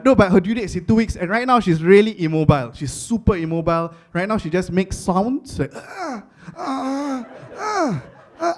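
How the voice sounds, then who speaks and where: A young man from Singapore with a Singaporean accent, doing stand-up comedy with animated storytelling and Singlish phrasing. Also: high-pitched.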